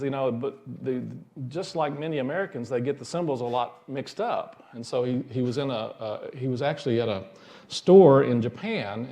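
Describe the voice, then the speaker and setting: A man's voice: mid-range voice, darkish tone. A male minister giving a sermon in a folksy storytelling manner, chuckling at his own jokes.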